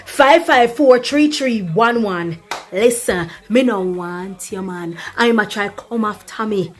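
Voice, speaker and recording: A woman's voice: mid-range voice, slow pace, faint music behind, close to an everyday voice. A woman playing a blunt Jamaican party girl. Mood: dismissive. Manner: patois-laced, lecturing and dismissive. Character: young Jamaican woman, blunt, unbothered and mocking. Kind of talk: comedy skit acting.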